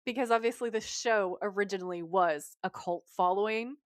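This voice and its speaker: Lively woman podcaster, dry sound. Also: medium pitch, normal speed, no echo. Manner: lively, laughs often, acts out quoted lines. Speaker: podcast co-host. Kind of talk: casual chat recapping a TV episode.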